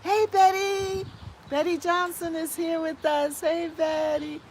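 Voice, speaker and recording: A woman's voice: very high-pitched, flat delivery, measured pace, slight background noise. A woman from the US hosting a casual gardening live stream, reading viewer comments aloud and chatting back with easy laughs. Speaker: host reading live chat.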